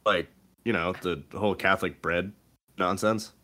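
A man's voice: sits low, fairly even intonation, normal speed, pushed and bright. A man co-hosting a casual chat, telling stories with lots of laughs and quoting people in put-on voices. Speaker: podcast co-host.

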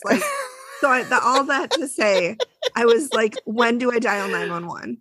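A woman co-hosting a casual podcast, telling a scary story with animated, exaggerated drama and acted-out dialogue. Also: fairly high pitch, moderate pace, no room sound. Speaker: podcast co-host. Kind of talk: casual chat.

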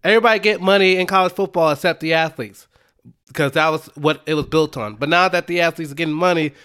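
Speaking fast in a smooth, slightly high and somewhat bright voice, this young podcast co-host keeps things casual. Frequent laughter, self-deprecating jokes and spelled-out words mark his talk.

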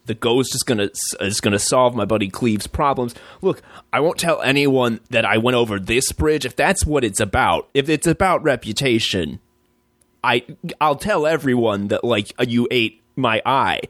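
A man voicing a gruff but soft-hearted male barbarian adventurer who rambles and pleads. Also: mid-range voice, lively intonation, normal speed, no room sound, clean studio sound, close to an everyday voice. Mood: pleading.

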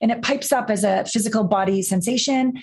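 Podcast guest: woman intimacy coach, animated storyteller, swears freely, voices her anecdotes. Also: fairly high pitch, brisk.

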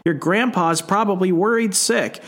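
A man voicing a frantic mother of two, hurried and shrill. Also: a bit bright, exaggerated voice.

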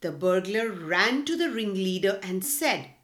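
Slow, expressive woman storyteller. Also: mid-range voice. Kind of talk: reading a storybook aloud to children.

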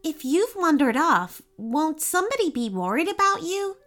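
A woman voicing a kind, curious girl in a storybook reading, speaking gently. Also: sits high, very animated, moderate pace, soft background music, pitched above the performer's own voice. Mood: friendly. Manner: warm, gentle.

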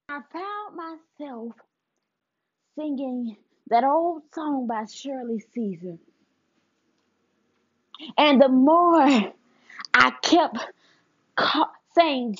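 Woman podcast host, high voice, unhurried devotional delivery, earnest and repetitive, slightly muffled lo-fi sound. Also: lively intonation. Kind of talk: devotional encouragement and prayer.

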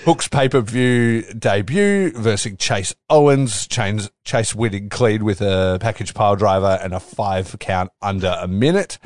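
A man with a fairly low voice co-hosts a casual wrestling podcast, chatting and laughing easily. He rattles off quick recaps. The sound is dry and close. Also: expressive, a little mellow, no room sound. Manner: laughs often, talks quickly when recapping. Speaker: podcast co-host.

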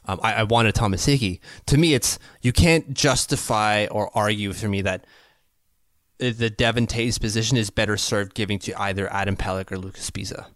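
A man's voice: on the low side, moderate pace, fairly bright tone, no room sound. Chatty Canadian man, dry close sound. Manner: chatty and analytical, laughs easily. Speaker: podcast co-host. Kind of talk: casual sports podcast chat. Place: home basement.

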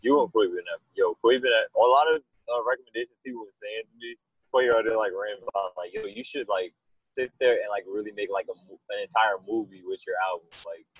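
A man with a fairly low, husky voice chats casually in an interview. He rambles and tells animated stories. The sound is dry and close. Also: fast talker, no echo, poor audio. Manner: rambling, animated storytelling with laughs. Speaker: musician guest.

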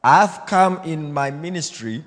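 A man pastor preaching a blunt, self-assured sermon, swinging between loud exhortation and quiet asides. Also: a little high, lively intonation, a little slow, long reverb tail. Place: church hall.

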